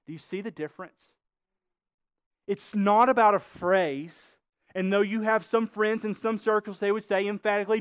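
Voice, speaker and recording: A man's voice: high voice, steady tone, normal speed, smooth, no echo. A male pastor preaching a sermon, emphatic, quizzing the congregation with rhetorical questions.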